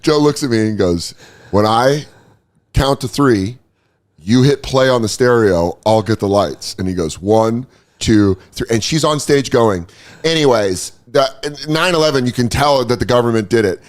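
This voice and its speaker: A man's voice: mid-range voice, moderate pace. A man in his thirties, a comedian telling a story in casual chat, acting out quotes and laughing as he goes. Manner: animated, acts out quotes, laughs mid-story.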